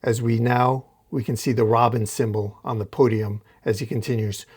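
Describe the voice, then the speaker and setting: A man's voice: mid-range voice, fairly even intonation, moderate pace, darkish tone, breathy edge. Man casually recapping a comic. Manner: recounts panel by panel, casual restarts. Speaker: comic book recap host.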